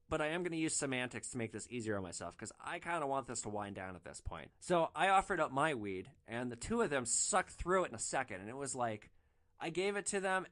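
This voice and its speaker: A man hosting a storytelling podcast, animated and excitable, swearing casually as he recounts his stories. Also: medium pitch. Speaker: podcast host, rideshare driver.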